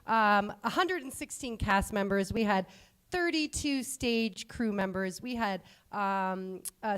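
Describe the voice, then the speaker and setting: A woman's voice: on the high side, smooth. A woman school play director cheerfully presenting to a school board and listing facts in an upbeat way.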